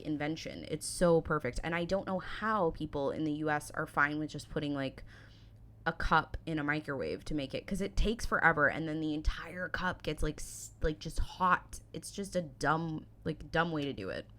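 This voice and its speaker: A woman's voice: low voice, normal speed, a bit bright. An American woman in her thirties, chatting casually and full of fillers as she reacts to a video. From United States. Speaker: reaction channel host.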